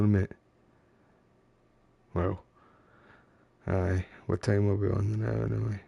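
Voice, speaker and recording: A man's voice: fairly low pitch, flat delivery, takes it slowly, vocal fry, pauses often, warm tone, breathy edge, dry recording. A Scottish man streaming a game live, chatting away and getting frustrated, calling his viewers mate and bro. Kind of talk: live gameplay commentary.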